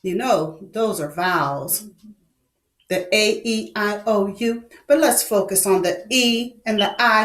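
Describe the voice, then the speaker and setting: Woman, kids' phonics teacher; high, animated, sing-song delivery, exaggerated vowel sounds. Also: slow pace, roomy sound. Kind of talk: teaching young children.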